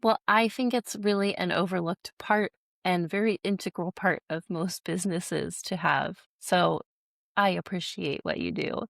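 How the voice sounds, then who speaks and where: A woman hosting a podcast interview, asking her guest questions in a measured, inquisitive way. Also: fairly low pitch, gravelly, fairly bright tone, dry recording, clean studio sound. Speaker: podcast host.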